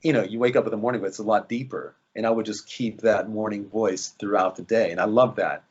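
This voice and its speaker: A man's voice: lowish voice, steady tone, fast, husky, lo-fi sound. A man, an actor, chatting in an interview, rambling with lots of fillers and restarts. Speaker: actor guest. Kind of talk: casual interview chat.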